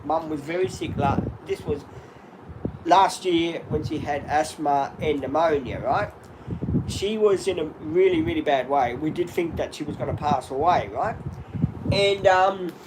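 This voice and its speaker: A man's voice: fairly high pitch, noisy background. A man in his fifties hosting a live stream from home, chatting openly and rambling as he talks straight to his viewers. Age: 50s. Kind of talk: candid live-stream chat.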